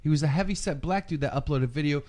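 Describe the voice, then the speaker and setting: A man chatting casually on a podcast, telling a story with lots of swearing and loud mimicry of other people. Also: fairly high pitch, fast talker. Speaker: podcast guest.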